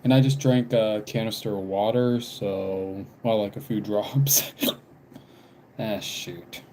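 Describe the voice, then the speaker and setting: A young man live-streaming while doodling, talking casually in halting bits, sighing and apologizing because he has the hiccups. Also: lowish voice, fairly even intonation, noisy background. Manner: halting, apologetic, frequent sighs and small laughs.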